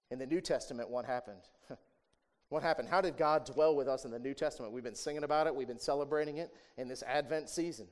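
A man on the high side of the pitch range preaches a sermon in a chatty way. He leans on rhetorical questions and a tagged "right?", rising to emphatic passages and dropping to quiet asides.

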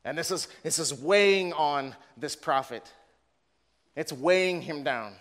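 A man's voice: on the high side, a little slow, fairly bright tone. A man preaching a sermon earnestly, with frequent repeated words and rising passion when reading scripture. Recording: long reverb of a large room.

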